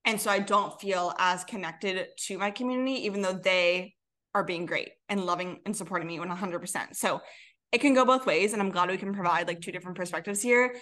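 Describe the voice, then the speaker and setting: A woman's voice: lowish voice, brisk, fairly bright tone. A young adult woman co-hosting a podcast in casual chat, earnest and full of "like" fillers. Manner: earnest, filler-heavy, lots of "like". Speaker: podcast co-host.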